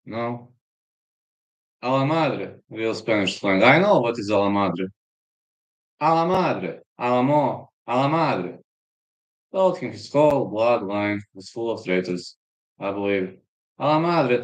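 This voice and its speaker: A man with a Serbian accent chats loosely on a live stream, rambling from one story to the next and stopping to react to chat. His voice sits at an ordinary middle pitch and often sounds a little distant from the microphone. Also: expressive, a little slow.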